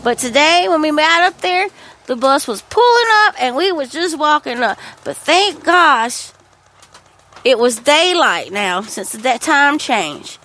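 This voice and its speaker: A woman, hosting a podcast and telling a rambling, animated story about her household, swearing freely. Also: high-pitched, unhurried. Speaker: podcast host. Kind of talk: casual storytelling monologue.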